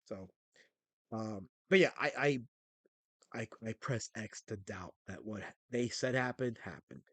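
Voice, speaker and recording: A man's voice: on the low side, unhurried, husky, no echo. A man hosting a livestream, chatting casually and ranting with frequent restarts. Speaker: stream host.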